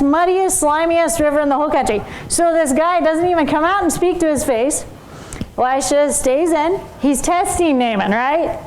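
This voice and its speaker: Animated, high-voiced woman telling a Bible story. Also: slight background noise, rough recording. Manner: animated, conversational, asks the audience questions. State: tired. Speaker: teacher.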